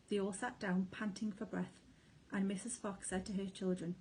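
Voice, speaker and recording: A woman teacher reads a children's storybook aloud in clear, expressive narration. Her voice is mellow and warm-toned, at a middle pitch, with a faint background hiss. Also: moderate pace, few pauses, low-quality recording. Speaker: primary school teacher.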